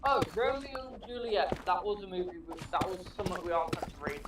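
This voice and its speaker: A man's voice: high voice, animated, fairly quick. A British man chatting playfully on a livestream, self-deprecating and easygoing. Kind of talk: casual chat. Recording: echoey, distant, noisy call audio.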